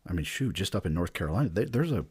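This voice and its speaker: A man with a low, husky voice talks casually as a podcast host. He rambles through stories with fillers and laughs along the way. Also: sing-song, rapid-fire, darkish tone. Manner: chatty and laughing, trailing off into fillers. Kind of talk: casual chat.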